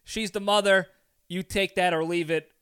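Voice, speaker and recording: A man hosting a podcast, telling a story in a casual chat in an animated way, acting out scenes and laughing often. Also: sits high, moderate pace, clean tone. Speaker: podcast host.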